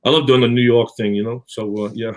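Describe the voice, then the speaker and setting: A man's voice: mid-range voice, fairly even intonation, fast talker. A middle-aged man with a New Zealand accent, chatting as an interview guest, rambling with many fillers and restarts. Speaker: actor guest. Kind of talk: casual interview chat.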